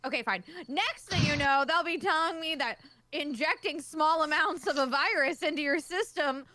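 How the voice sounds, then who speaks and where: A woman's voice: high-pitched, normal speed, sharp tone, no echo. A woman playing a tabletop game, joking and bantering casually with the table. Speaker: player.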